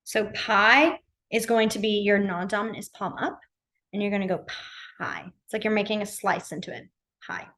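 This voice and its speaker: A woman's voice: mid-range voice, moderate pace, pushed and bright. A young woman teaching a beginners' class in a casual, chatty way, full of fillers like "um" and "like". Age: young adult. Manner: chatty, uses many fillers like "like" and "um". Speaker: sign language teacher. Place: library classroom.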